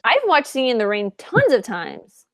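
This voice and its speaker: A woman's voice: on the high side, huge pitch swings, moderate pace, a bit bright. A woman co-hosting a podcast, chatting casually with lots of "like" fillers. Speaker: podcast co-host. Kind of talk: casual chat.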